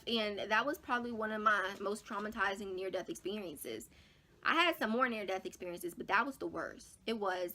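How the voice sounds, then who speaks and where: A young woman vlogger telling a personal story to her viewers in casual, slangy talk, animated and dramatic, with big jumps in pitch and loudness. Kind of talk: storytime vlog.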